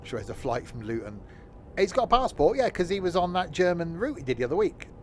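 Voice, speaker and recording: A man's voice: fairly high pitch, very animated, fast talker, a little mellow, slight background noise. A man chatting casually as a gaming streamer while he plays a train simulator, joking at his own expense and laughing often. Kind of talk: casual chat while playing a train sim.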